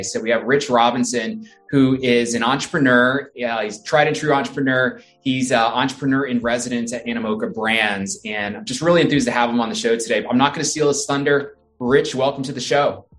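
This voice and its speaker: A man's voice: mid-range voice, fairly even intonation, a little fast, hardly any pauses, fairly bright tone, soft background music. A man hosting a podcast interview, enthusiastic and a little repetitive, laughing along with his guest. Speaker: podcast host.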